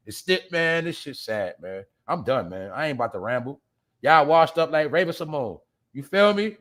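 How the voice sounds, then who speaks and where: A man hosting a show, ranting bluntly and profanely at his viewers, swinging between loud outbursts and low mutters. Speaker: podcast host. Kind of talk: casual profane commentary.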